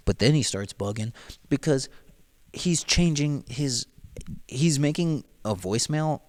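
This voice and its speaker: A man with an expressive, mid-range voice casually reads through a novel at a measured pace and comments on it, rambling and slangy with plenty of "like" and "dude."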